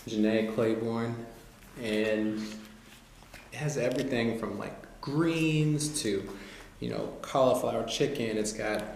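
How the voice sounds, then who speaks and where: A man talking casually to the camera as a vlogger, relaxed and loose, with lots of "you know" and "like". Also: fairly low pitch. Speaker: vlogger reviewing cookbooks. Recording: very echoey room, faint noise.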